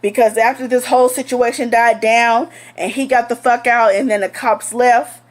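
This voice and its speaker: A woman's voice: on the high side, fairly even intonation, normal speed. A young woman telling a storytime vlog in a blunt, heated, profane way. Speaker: vlogger.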